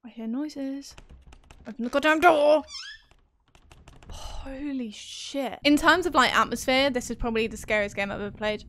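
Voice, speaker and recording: A woman's voice: sits high, normal speed, a bit bright, slight background noise. A woman commentating her own horror game playthrough, talking to herself, swearing and screaming when startled. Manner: jumpy, talks to herself, swears and screams at scares. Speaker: gaming streamer.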